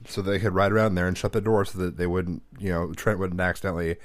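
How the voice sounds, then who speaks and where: Deep-voiced, profane man telling a story. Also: little pitch movement, fast talker, no echo. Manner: profane, rambling storyteller who acts out quotes. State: suffering from a headache. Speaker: podcast co-host and father. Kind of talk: casual chat.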